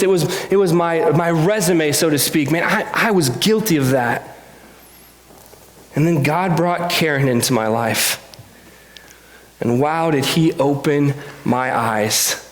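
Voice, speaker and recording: In a church sanctuary, a pastor preaches a sermon in an earnest, confessional tone, often stumbling over repeated words. His voice is a little high and slow, and the recording echoes like a large hall.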